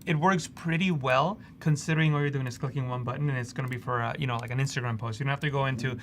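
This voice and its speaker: Guy guesting on a stream, bright sharp voice, keeps saying yep and mm-hmm. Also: mid-range voice, fairly even intonation, slight background noise. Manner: chimes in with quick agreeing remarks. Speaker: guest designer. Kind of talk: casual chat.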